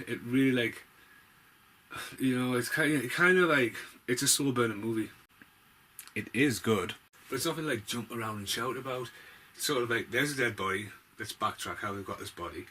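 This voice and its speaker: A man's voice: medium pitch, bright, forceful tone, slight background noise. A man giving a casual, rambling film review vlog, blunt and full of swearing.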